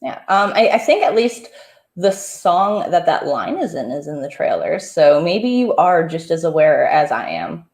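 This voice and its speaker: A woman's voice: deep voice, big pitch swings, normal speed, a little mellow, echoey room. A woman hosting a comedy interview, chatty and giggly, full of "like" and fillers. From Southern Ontario, Canada. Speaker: comedian host. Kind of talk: casual interview chat.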